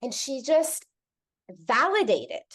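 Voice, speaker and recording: A woman with a somewhat high voice tells stories casually. She is animated, acts out the people she quotes, and swears freely. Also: slow pace, slightly rough. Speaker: guest. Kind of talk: casual conversational storytelling.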